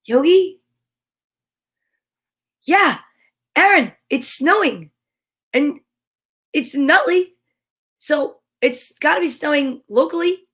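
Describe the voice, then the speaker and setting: A woman's voice: high-pitched, animated, slow pace, long pauses, fairly bright tone. A woman hosting a live-stream show, chatting bubbly with viewers and greeting them by name. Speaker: host. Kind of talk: casual live-stream chat.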